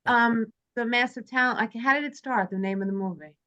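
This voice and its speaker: A woman's voice: a little high, fairly quick, crowd noise. A woman hosting a casual movie club chat, reading from her notes and joking with friends. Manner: chatty, jokey, reads from prepared notes. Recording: dull lo-fi sound.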